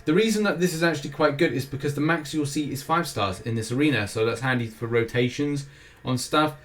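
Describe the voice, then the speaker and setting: Speaking a little fast with a fairly bright tone, this British gaming show host wanders through the week's game schedule in a mid-range voice. His casual rundown is peppered with jokey digs at himself.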